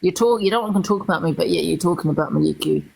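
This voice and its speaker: A woman's voice: fairly low pitch, racing, vocal fry, darkish tone, a little hiss or hum, rough recording. A woman co-hosting casually, chatting with jumpy exclamations. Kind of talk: casual chat.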